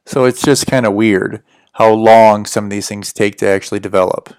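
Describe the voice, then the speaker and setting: A man's voice: on the low side, fairly even intonation, moderate pace, a little mellow, clear, resonant tone, no room sound, clean studio sound. A man from the United States with a general American accent, rambling casually as he chats to viewers on a livestream. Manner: rambling, chatty, answers viewer questions. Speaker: livestream host.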